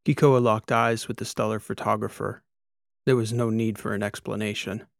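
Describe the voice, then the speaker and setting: A man reading a science fiction story aloud. His delivery is steady and measured, with a gravelly texture. The sound is dry and close to the mic. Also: lowish voice, dry recording. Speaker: audiobook narrator. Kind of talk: scripted narration.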